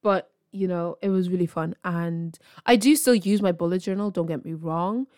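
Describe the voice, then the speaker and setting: A woman's voice: lowish voice, normal speed, warm tone, no echo, clean studio sound. A young woman hosting a podcast, talking casually in a chatty, self-deprecating and encouraging way, laughing often. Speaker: podcast host. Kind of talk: casual solo podcast chat.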